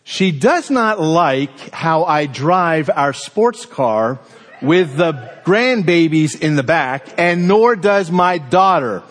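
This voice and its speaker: A man voicing a brisk older German grandfather who loves fast driving, in a clipped, matter-of-fact way. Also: on the high side, animated, fairly bright tone, big-room sound.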